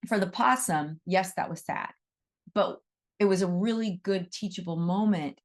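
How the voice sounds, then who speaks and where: A middle-aged woman teaching a talk on animal reiki to her students, effusive and animated, often repeating her phrases. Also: on the low side.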